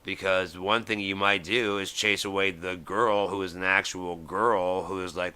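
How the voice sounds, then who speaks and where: A man's voice: low-pitched, fairly even intonation, normal speed, few pauses, pushed and bright, clean tone. A man, middle-aged, hosting a live stream and ranting in a heated, profane way, acting out the voices he quotes. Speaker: host.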